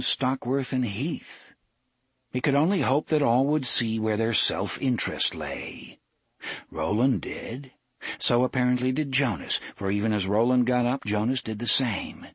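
A man narrating an audiobook in a measured, expressive storytelling manner. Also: lowish voice, slightly rough, no room sound. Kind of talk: scripted narration.

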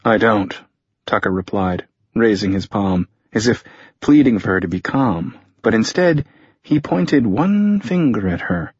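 A man narrating a thriller audiobook in a measured, tense storytelling manner. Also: on the low side, big pitch swings, a little mellow, slightly rough, no echo. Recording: dull lo-fi audio.

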